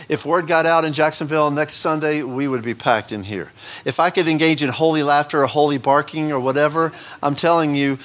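A man preaching a sermon in a church. He lifts his voice for scripture and drops into chatty asides. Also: fairly bright tone. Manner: rises in pitch for emphatic scripture passages, drops into asides. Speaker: pastor. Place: church sanctuary.

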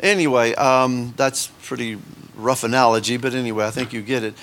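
A man's voice: medium pitch, steady tone, fairly quick, fairly bright tone, a little hiss or hum. A man preaching a sermon to his congregation in a loose, conversational way, breaking off into asides and tagging points with "right?". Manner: conversational, self-interrupting, asides and rhetorical "right?". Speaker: pastor.

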